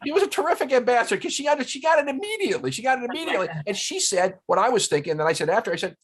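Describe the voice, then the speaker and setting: A man telling stories in casual conversation as a guest at a round-table talk, animated and full of restarts. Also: very high voice, racing, background noise. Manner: storytelling, animated, many restarts. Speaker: guest, former ambassador. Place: indoors, round-table discussion.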